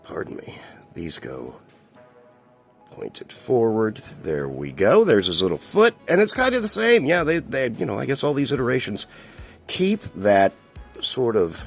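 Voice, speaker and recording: A man's voice: medium pitch, wildly swooping pitch, a little slow, creaky, soft background music. A man casually reviewing a collectible toy, chatty and rambling, with a chuckle now and then. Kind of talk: casual toy review while handling a figure.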